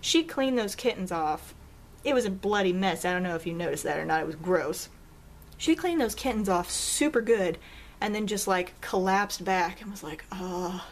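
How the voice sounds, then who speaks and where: A young adult woman vlogging casually, telling a story with laughs and acting out quotes in a high voice. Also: expressive, normal speed.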